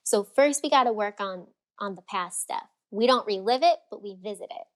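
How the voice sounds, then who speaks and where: A woman coach chatting as a podcast guest, mid-pitched and expressive. She talks with energy and slips into little acted voices when she quotes people. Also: moderate pace. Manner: animated, acts out quoted voices. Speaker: freedom and fulfillment coach, guest. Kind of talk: casual podcast interview.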